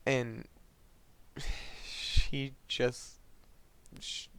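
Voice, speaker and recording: A man earnestly retelling a video game's story, halting and restarting, his voice often dropping soft. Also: mid-range voice, flat delivery, clean tone. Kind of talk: emotional retelling of a game plot.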